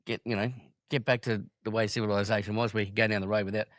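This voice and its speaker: A blunt man co-hosts a casual podcast chat and talks quickly. He swears easily, swaps stories and ribs his co-host. The sound is dry and close. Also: on the low side, flat delivery, no room sound.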